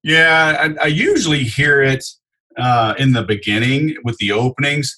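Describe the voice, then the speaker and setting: A man on a podcast talking about selling, acting out lively customer dialogues as he explains. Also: mid-range voice, normal speed, poor audio. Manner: animated storyteller, acts out customer dialogue. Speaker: sales expert guest. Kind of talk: podcast interview.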